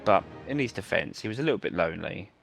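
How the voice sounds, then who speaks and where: A man's voice: sits low, expressive, fast talker, creaky, a bit bright, soft background music. A man telling a long rambling anecdote with many fillers while playing a game with friends. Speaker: gamer telling a story. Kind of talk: casual chat over gameplay.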